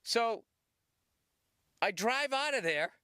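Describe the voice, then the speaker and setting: Profane, animated male podcast host. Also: very high voice, slow, clear, resonant tone, no room sound, clean studio sound. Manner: profane, animated, puts on voices while telling stories. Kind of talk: casual comedic storytelling.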